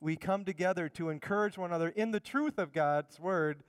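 Middle-aged male pastor, conversational sermon delivery, smooth resonant voice slightly high for a man, long church reverb. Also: a little fast. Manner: conversational preaching, repeats words while building points. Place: church sanctuary.

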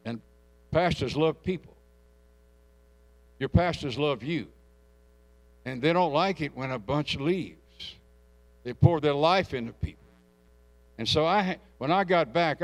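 A middle-aged man preaches a sermon, his voice sitting a little higher than most men's. He tells stories in a folksy, plain way and climbs into loud, fervent calls to the congregation. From Louisiana. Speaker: pastor.

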